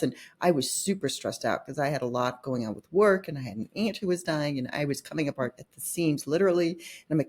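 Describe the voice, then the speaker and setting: Low, husky-voiced woman telling stories. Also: a little fast. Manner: animated retelling with quoted dialogue and laughs. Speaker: podcast guest, consultant and author. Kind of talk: candid storytelling in conversation.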